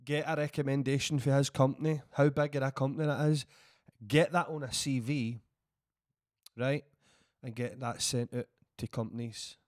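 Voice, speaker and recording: A man's voice: medium pitch, fairly even intonation, moderate pace, darkish tone, no room sound, clean studio sound. A Scottish man co-hosting a comedy podcast, chatting loosely with many restarts. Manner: rambling, restarts a lot, encouraging. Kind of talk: casual chat.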